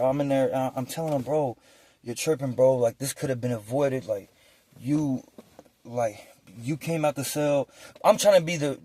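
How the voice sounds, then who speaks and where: A man's voice: mid-range voice, dry recording. Slangy man telling a prison story. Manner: animated street slang, acts out quoted voices.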